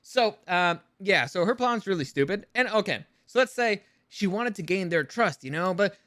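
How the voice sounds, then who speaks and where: A man delivering a ranting review, sarcastic and fed up, with frequent swearing. His voice sits fairly high and sounds bright and forceful. The recording is close and dry. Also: lively intonation, moderate pace, no room sound. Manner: exasperated, sarcastic, swears freely.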